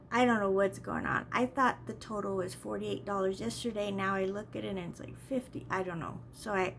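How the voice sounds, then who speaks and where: A woman's voice: mid-range voice, moderate pace, gravelly, slight background noise. A woman vlogger telling a rambling, exasperated story in a casual way, often repeating herself.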